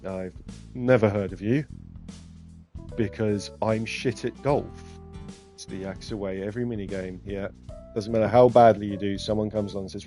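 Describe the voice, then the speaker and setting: A man's voice: on the low side, fairly even intonation, normal speed, mellow, faint music behind. A man giving casual, self-mocking, sarcastic commentary while streaming a game.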